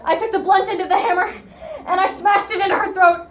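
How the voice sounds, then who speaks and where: A young woman performing a dramatic monologue as an unhinged young loner raised by television, lurching between hushed murmurs and shrill outbursts. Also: fairly even intonation, fairly quick, echoey room. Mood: frenzied. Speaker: speech competitor.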